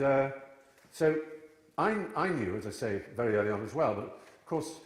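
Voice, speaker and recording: A man in his fifties, a guest speaker telling witty, digressive stories to a live audience. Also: on the low side. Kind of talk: storytelling talk to a live audience. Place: large church hall before an audience. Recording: echoey church hall.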